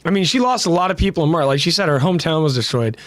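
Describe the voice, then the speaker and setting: A man's voice: a little high, animated, racing. Offhand joking co-host man. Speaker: podcast co-host. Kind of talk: casual chat.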